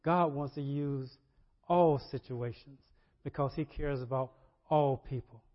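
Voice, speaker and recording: A man preaching a sermon, animated, repeating words and rising to loud emphasis. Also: mid-range voice, measured pace. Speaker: pastor. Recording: dull lo-fi sermon audio.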